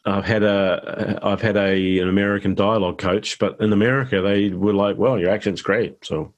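Middle-aged kiwi guy, lowish voice, laid back rambling interview chat. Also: moderate pace, highs cut off. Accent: New Zealand. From New Zealand. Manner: relaxed, rambling, self-deprecating. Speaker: guest actor.

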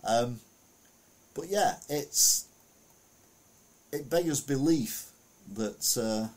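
A man's voice: medium pitch, expressive, drawn-out words, darkish tone. A man casually reading news headlines aloud and adding rambling, self-correcting comments full of fillers.

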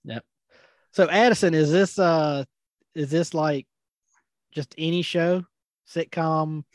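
A man with a fairly high voice co-hosts a casual podcast among friends. He jokes, teases and meanders through recommendations. The sound is dry and close. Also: steady tone, slow, dry recording. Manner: joking, recommends shows, loose rambling phrasing. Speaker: podcast co-host. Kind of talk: casual chat.

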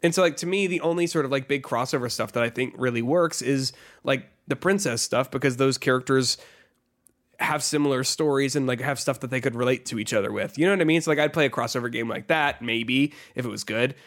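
This podcast co-host talks video games in a relaxed, rambling way, saying "like" constantly. His voice is medium in pitch, fairly quick, and fairly bright.

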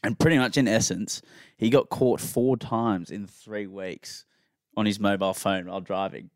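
A man's voice: lowish voice, normal speed, dry recording, clean studio sound. A man co-hosting a podcast, casually telling a rambling story and acting out the people in it. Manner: rambling storyteller, animated quotes. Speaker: podcast co-host. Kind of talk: casual chat.

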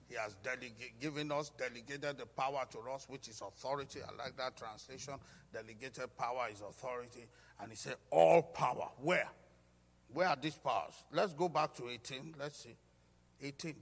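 A pastor preaching a sermon with emphatic call-and-response, urging the congregation to repeat after him. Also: male voice, medium pitch, normal speed, fairly bright tone, a little hiss or hum. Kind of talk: sermon teaching. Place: church hall. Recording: hall reverb.

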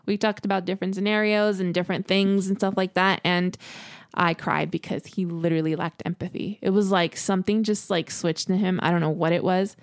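A young woman co-hosting a podcast, telling a personal story in an animated, exasperated way and swearing freely. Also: fairly low pitch, a little fast, dry recording, clean studio sound. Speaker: podcast co-host.

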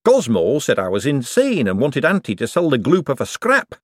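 An obsessive young inventor frets and eagerly seeks reassurance, as a male narrator puts him on. His voice rises and falls in a lively way, with a dry, close sound. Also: medium pitch, normal speed, dry recording, voice pushed up. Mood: anxious.

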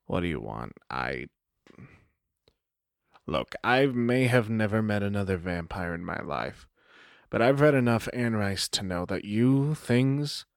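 A man's voice: lowish voice, no echo, studio quality, pitched below the performer's own voice. A man voicing a newly turned young male vampire who stammers in an exasperated, defiant way.

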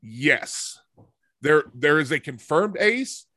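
Middle-aged podcast guy, kinda high voice, states things firmly, dry sound. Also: sing-song, slow pace, pushed and bright, no echo. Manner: emphatic, hedges then asserts. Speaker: podcast co-host. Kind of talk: casual chat.

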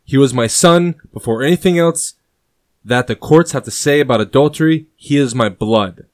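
Man as a furious royal in grief, booming commands, dry close recording. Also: normal speed, a little mellow, dry recording, natural voice. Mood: grieving fury. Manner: booming, rising into anger. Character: grieving, furious male king, commanding.

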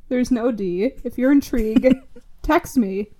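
A woman co-hosting a podcast chats casually, telling a story full of laughter and swearing. Her voice is medium-pitched and dark in tone, with a measured pace.

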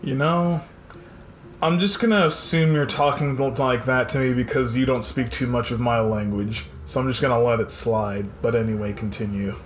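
A man's voice: mid-range voice, fairly even intonation, normal speed, slight background noise. A man taking part in a tabletop role-playing game, wry and teasing. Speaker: player. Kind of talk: casual in-character play.

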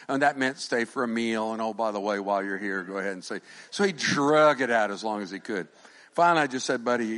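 A middle-aged male pastor preaching a sermon, animated, swinging from shouted lines to quiet asides and joking with the congregation. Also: fairly low pitch. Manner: jokes with the congregation.

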